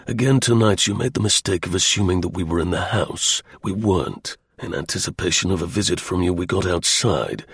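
A man's voice: low-pitched, creaky, a bit bright, slightly rough, dry recording, clean studio sound, heavily acted. A man voicing a stern male secret service agent who talks in clipped, threatening lines.

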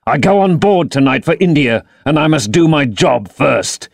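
A man voicing a vengeful young sailor who speaks slowly and threateningly, in a storybook reading. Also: a little high, animated, vocal fry, no echo, clean studio sound, pitched above the performer's own voice. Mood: menacing. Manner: slow, threatening, growling delivery.

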